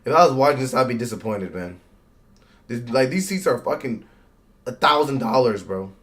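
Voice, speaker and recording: A man giving casual live reaction commentary on a wrestling show, loud and excitable, slangy and profane, yelling at the screen. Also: mid-range voice, moderate pace.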